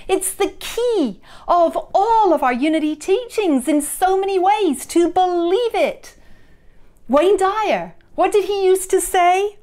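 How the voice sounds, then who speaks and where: A woman minister preaching a sermon, expressive, moving between emphatic peaks and hushed tones, and leading the listeners in repeated affirmations. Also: high voice. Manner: leads the congregation in repeated affirmations. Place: church, recorded for online service.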